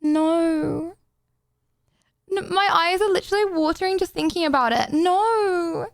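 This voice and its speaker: A woman's voice: very high voice, a little slow, creaky, no room sound, studio quality. A woman streamer chatting casually with her live chat in a bubbly, rambling way while she plays a drawing game.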